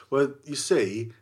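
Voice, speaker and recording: A man's voice: mid-range voice, darkish tone. A man co-hosting a podcast, chatting casually with dry, laid-back wisecracks. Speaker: podcast co-host. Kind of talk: casual chat.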